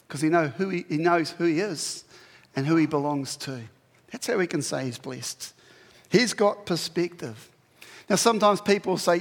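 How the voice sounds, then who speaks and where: High-voiced New preacher in a hall. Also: male voice, moderate pace. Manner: conversational, animated preaching with rhetorical questions. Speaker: pastor. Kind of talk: sermon. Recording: long hall reverb.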